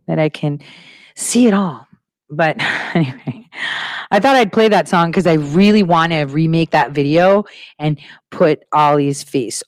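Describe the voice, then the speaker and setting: A woman hosting her own talk show, speaking quickly and animatedly and laughing as she talks. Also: deep voice, no echo, rough recording. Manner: fast, animated, laughing while talking. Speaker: show host. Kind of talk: casual talk-show monologue.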